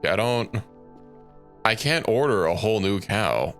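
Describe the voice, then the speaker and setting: A man's voice: lowish voice, expressive, unhurried, a bit bright, faint music behind. A young man streaming a game, thinking aloud in a rambling, casual way and correcting himself as he goes. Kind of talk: casual gameplay commentary.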